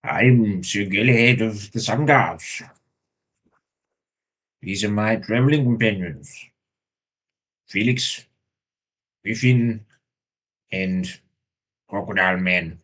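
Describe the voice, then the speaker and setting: A man's voice: on the low side, takes it slowly, long pauses, a bit bright. A man playing a tabletop game, speaking in character with formal knightly phrasing. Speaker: player.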